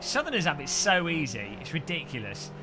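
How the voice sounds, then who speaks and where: A man's voice: a little high, huge pitch swings, a little fast. Chatty Midlands man streaming a racing game. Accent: English Midlands. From English Midlands. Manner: chatty and jokey, talking while racing. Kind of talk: live gaming commentary. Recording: noisy with race car sounds.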